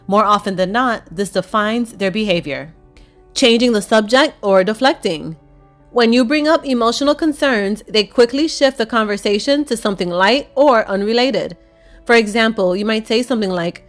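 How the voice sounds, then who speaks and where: A woman reading scripted narration as a relationship coach, in a measured, explanatory way. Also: medium pitch, soft background music.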